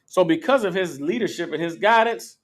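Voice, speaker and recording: A man's voice: sits high, lively intonation, a little fast. A man teaching scripture, emphatic and profane, checking in with his listeners. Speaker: Bible teacher. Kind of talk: call-and-response scripture teaching.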